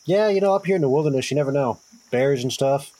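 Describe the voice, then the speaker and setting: A young man playing a tabletop game, joking and relaxed in casual banter. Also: medium pitch, quick pace. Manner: joking, laid-back. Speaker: player.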